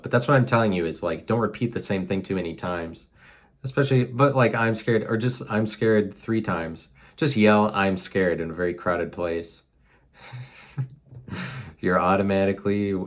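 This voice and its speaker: A man hosting a solo podcast from his apartment, musing aloud in a rambling, self-mocking way full of fillers. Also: low-pitched. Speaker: podcast host. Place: apartment room.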